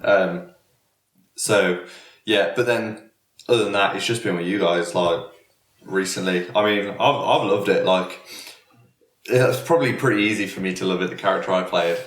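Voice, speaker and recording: A man's voice: low-pitched, moderate pace, recorded from a distance. A British man on a gaming podcast, rambling in casual chat and filling his sentences with "like". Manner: rambling, lots of "like". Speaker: podcast co-host. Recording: echoey room, off-mic.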